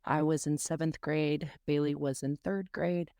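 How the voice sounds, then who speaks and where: A woman's voice: low-pitched, fairly even intonation, measured pace, dark tone, dry recording, clean studio sound. A woman from North Carolina co-hosting a podcast, asking casual interview questions in a chatty way with lots of fillers. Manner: chatty, many fillers and asides. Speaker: podcast co-host.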